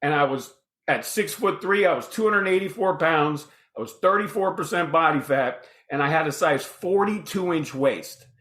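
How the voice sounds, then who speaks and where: A man in his fifties, a podcast guest telling his story in a casual, animated way and acting out the dialogue. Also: fairly high pitch, moderate pace. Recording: roomy echoey room.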